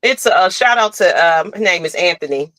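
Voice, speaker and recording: A woman hosting a casual sports fan livestream, talking in a lively, chatty way and reading viewer comments aloud. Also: lowish voice, a little fast, no echo. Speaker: podcast host.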